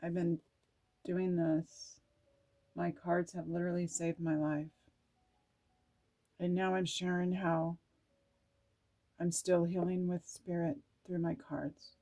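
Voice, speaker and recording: Slow, gushing woman reading oracle cards. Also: on the low side, flat delivery, mellow. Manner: gushing, exclamatory, laughing, often near tears. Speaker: oracle card reader.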